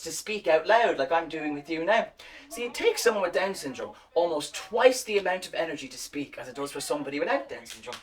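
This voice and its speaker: A woman's voice: low-pitched, recorded from a distance. Sing-song woman telling a children's story. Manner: warm, sing-song, directly addressing children. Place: home or school, live performance.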